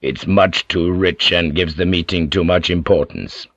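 A man voicing a calm, commanding older warlord who speaks in terse, measured orders. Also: low voice, no echo, pitched below the performer's own voice, exaggerated voice.

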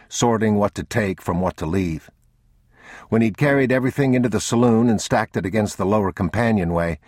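Very deep, husky male narrator. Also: darkish tone, no echo, studio quality. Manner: measured, unhurried, somber. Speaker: audiobook narrator. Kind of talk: scripted narration.

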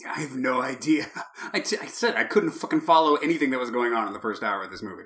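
Bright-voiced, profane, joking podcast guy. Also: medium pitch, expressive, fast talker. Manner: profane, joking, laughs often. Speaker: podcast co-host. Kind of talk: casual podcast chat about a movie.

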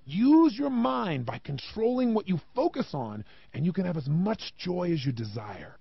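A man giving a motivational talk, emphatic and animated, with many rhetorical questions and a gravelly voice. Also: high-pitched, moderate pace, highs cut off. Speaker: motivational speaker.

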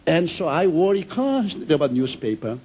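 A man preaches with a husky, breathy voice that sits high. His intonation swings widely as he tells stories with emphasis. His English phrasing is simple and non-native. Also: very animated, a little fast, darkish tone, poor audio. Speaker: pastor. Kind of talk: sermon.

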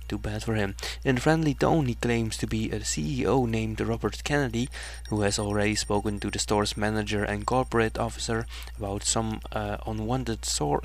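A man working as a radio DJ, reading a news item between songs with frequent fillers and restarts. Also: lowish voice. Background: faint music.

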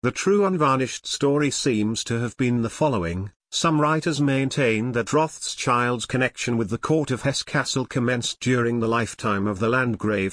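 A man narrating a history audiobook in a steady, measured reading. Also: mid-range voice, no room sound, clean studio sound.

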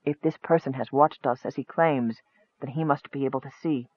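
A man voicing a humble young male healer who speaks quietly and with measured calm. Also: medium pitch, no echo, natural voice. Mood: gentle. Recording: tinny phone-like dry sound.

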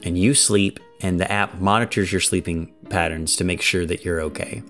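A man's voice: low-pitched, steady tone, normal speed, a bit bright, faint music behind. A man co-hosting a podcast in casual chat, rambling with lots of fillers and "like". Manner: rambling, filler-heavy, frequent "like". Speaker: podcast co-host.

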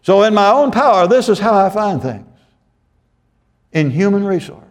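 Male pastor, fairly high voice, expository sermon, reads verses emphatically, conversational asides. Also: big pitch swings, moderate pace. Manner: expository preaching, reads scripture aloud with emphasis; frequent tag questions and self-corrections.

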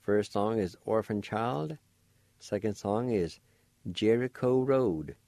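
Slow, deep-voiced man spelling words. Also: dark tone, no room sound. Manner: slow, deliberate, sounding out each syllable. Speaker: language teacher. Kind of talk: slow spelled-out language lesson on radio.

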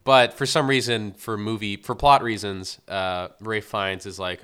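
A man co-hosts a casual film review podcast, and his voice is bright and crisp. He retells scenes with animated, exasperated energy and slips into the characters' lines as he goes. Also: lowish voice, moderate pace, hardly any pauses. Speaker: podcast co-host.

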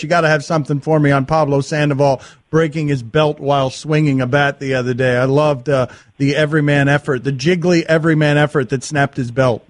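A man hosting an interview show, asking questions in a relaxed way and reading out tour dates. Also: fairly high pitch. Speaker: host.

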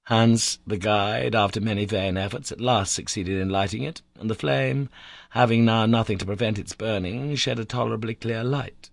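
A man's voice: fairly low pitch, moderate pace, creaky, dry recording, clean studio sound. A man reading a classic adventure novel aloud as first-person narration, telling it with dramatic emphasis. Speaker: audiobook reader.

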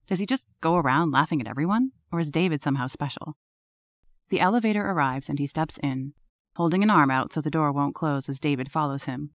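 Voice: mid-range voice, fairly quick, no echo. Podfic reader with a dry close sound. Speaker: fan fiction reader. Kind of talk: read-aloud fan fiction narration.

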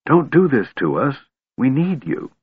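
Man playing a young woman, soft and tense, kinda husky, tinny phone sound. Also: on the low side, very animated, normal speed, heavily acted. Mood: urgent. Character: young woman, brave, tender and frightened.

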